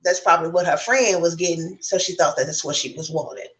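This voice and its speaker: A woman's voice: fairly low pitch, fast talker, poor audio. A woman speaking as a guest on a casual round-table chat, frank and reflective, talking at length.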